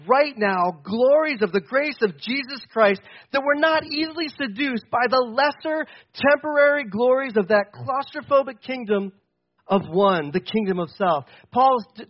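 High-voiced young pastor preaching animatedly. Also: male voice, muffled recording. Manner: animated and conversational, swinging from loud to quiet; acts out quoted voices. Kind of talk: sermon. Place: church stage.

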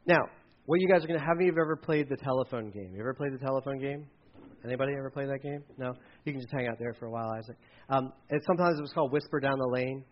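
A man's voice: mid-range voice, lo-fi sound. A man preaching from a church stage with a mic, talking casually and often repeating words. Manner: conversational, repeats words, quick asides. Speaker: pastor. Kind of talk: sermon with children's object lesson. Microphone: handheld or headset mic.

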